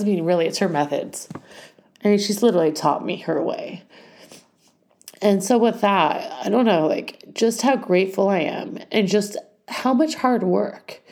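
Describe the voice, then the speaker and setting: Using a mellow, mid-range voice with vocal fry, the school's middle-aged founder delivers a podcast monologue that wanders and turns emotional. She's heartfelt and uses lots of fillers.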